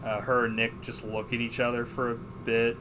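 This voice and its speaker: A man co-hosting a podcast who retells a movie's plot in a casual, animated way, full of swearing and fillers. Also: medium pitch, moderate pace, noisy background. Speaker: podcast co-host. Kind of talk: casual movie review chat.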